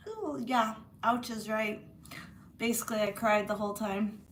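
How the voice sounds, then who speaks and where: A woman's voice: fairly high pitch, moderate pace, slight background noise. A woman chatting casually to her viewers from her room, blunt and swearing freely, sore after a massage. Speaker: channel host.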